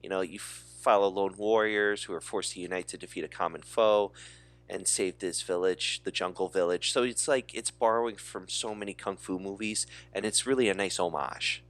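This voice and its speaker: A man's voice: deep voice, fairly even intonation, moderate pace, a bit bright. A man co-hosting a movie podcast, talking enthusiastically and rambling with fillers. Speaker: podcast co-host. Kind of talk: casual movie chat.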